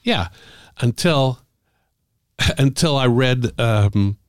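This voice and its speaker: A man, middle-aged or older, an author telling stories about the craft of writing in a casual, halting way with many fillers. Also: medium pitch, animated, no room sound, clean studio sound. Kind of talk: casual conversational storytelling.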